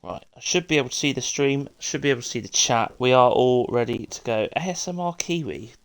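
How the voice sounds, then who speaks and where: A British man hosts and commentates a live racing stream, chatting casually and bantering with viewers before the show begins while greeting people constantly. He speaks briskly in a medium-pitched voice with a clean tone.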